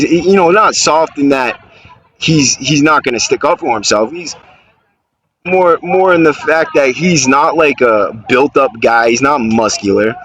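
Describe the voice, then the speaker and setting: A man's voice: a little high, a bit bright, slight background noise. A man hosting a podcast, talking casually and earnestly after a phone call and asking listeners to help. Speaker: podcast host.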